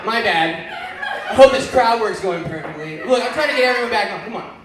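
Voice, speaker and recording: A man's voice: sits high, animated, a little fast. A man from Oklahoma doing stand-up comedy in a small bar, bantering loosely with the crowd. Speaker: stand-up comic. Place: small bar lounge stage. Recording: echoey bar room, audience noise.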